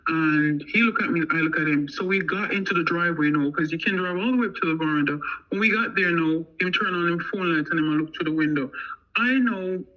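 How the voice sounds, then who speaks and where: Animated American woman telling a story. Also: on the low side, brisk, highs cut off. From United States. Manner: animated, acts out what others said. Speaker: guest telling her story. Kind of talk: casual storytelling.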